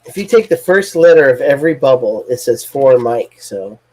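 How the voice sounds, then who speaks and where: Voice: medium pitch, expressive, normal speed, noisy background. A co-host in a casual chat, chatty and teasing, laughing often, on a video call. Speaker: podcast co-host. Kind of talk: casual chat reviewing comics.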